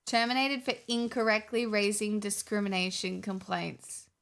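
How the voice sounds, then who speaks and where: A woman's voice: mid-range voice, normal speed, vocal fry, fairly bright tone. A woman streamer in casual livestream chat, rambling with restarts and swearing freely.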